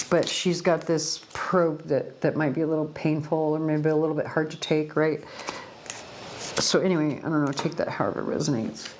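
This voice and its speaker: A low-pitched woman gives a relaxed pick-a-card tarot reading from a home room beside a window, with a little hiss or hum in the audio. She talks in a rambling, chatty way and keeps correcting herself.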